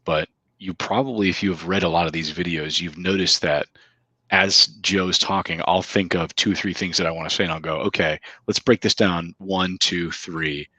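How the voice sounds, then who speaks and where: A man with a very low, husky voice co-hosts a casual podcast, talking emphatically like a coach and dropping in asides. His tone has a bright, forceful edge, and the sound is dry and close. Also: steady tone, brisk, no echo. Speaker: co-host.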